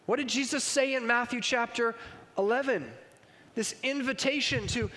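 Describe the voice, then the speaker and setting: A man's voice: very high-pitched, normal speed, bright, forceful tone. A man preaching a sermon with emphatic delivery and frequent rhetorical questions. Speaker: pastor. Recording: long reverb in a large hall.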